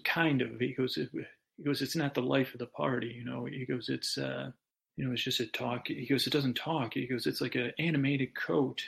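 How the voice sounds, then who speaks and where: A man's voice: mid-range voice, fairly bright tone. A man hosting a podcast, telling a meandering improvised bedtime story full of asides and restarts. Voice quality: gravelly.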